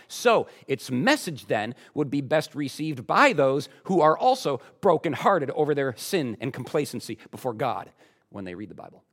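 Emphatic man preaching a sermon. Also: mid-range voice. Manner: emphatic, rhetorical questions to the congregation. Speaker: pastor.

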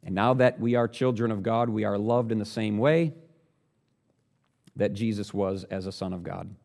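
A man preaching a sermon, earnest and direct, asking the listeners questions and building up louder on the points he stresses. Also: lowish voice, moderate pace, creaky.

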